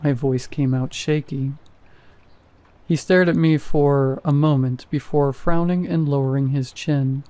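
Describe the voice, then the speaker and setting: A man reading a first-person horror story in a measured, even storytelling manner. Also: a little high, no room sound. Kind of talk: scripted horror narration.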